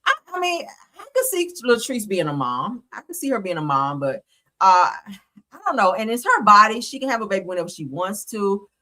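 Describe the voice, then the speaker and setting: On a live stream, a woman hosts reality TV commentary, gossiping bluntly and sassily, laughing often, and responding to her chat. Her mid-range voice is sing-song, brisk, and sharp in tone.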